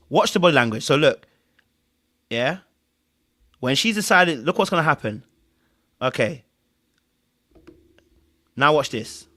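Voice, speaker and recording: Speaking in a slightly high, sharp-toned voice, this host and commentator breaks down body language in reaction clips with lots of animation. He often repeats phrases to drive his points home.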